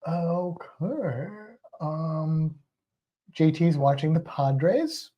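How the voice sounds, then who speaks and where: A man's voice: on the high side, animated, unhurried, dark tone. Rambling man on a dull livestream. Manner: rambling, hesitant, laughs often. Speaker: livestream co-host. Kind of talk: casual chat.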